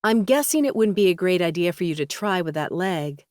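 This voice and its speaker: A woman voicing a gentle, reassuring young woman, the romantic lead of an audiobook. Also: on the low side, animated, brisk, no room sound, clean studio sound, lightly acted.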